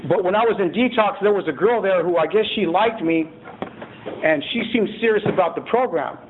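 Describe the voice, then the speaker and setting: A middle-aged man talks through his recovery story at a meeting, swearing plainly and tripping over his own restarts. He talks fast, and his voice sits somewhat high. It comes through a thin, phone-like recording with a faint hiss of room noise. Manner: blunt, profane storytelling with many restarts.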